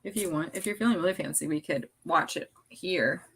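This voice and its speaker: A woman's voice: fairly low pitch, fairly quick, slight background noise. A middle-aged woman co-hosting a casual late-night live stream, bubbly and chatty, pulling tarot cards and laughing often.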